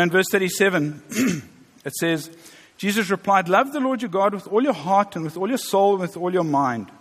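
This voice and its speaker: Fifties man preaching in an echoing church. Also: high-pitched. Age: 50s. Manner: conversational, joking with the congregation. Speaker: pastor. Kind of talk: sermon. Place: church hall. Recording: reverberant church hall.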